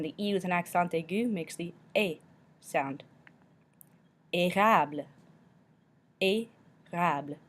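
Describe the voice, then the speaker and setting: Slow, careful woman teaching pronunciation. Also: on the low side. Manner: slow, careful, models each word twice. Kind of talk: recorded pronunciation lesson.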